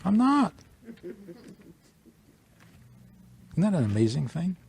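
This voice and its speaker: A man, a rabbi, giving an informal teaching talk to a small audience, speaking in an animated way and acting out little dialogues. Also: high-pitched, slow, gravelly, a little hiss or hum. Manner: animated, plays out dialogues, chuckles.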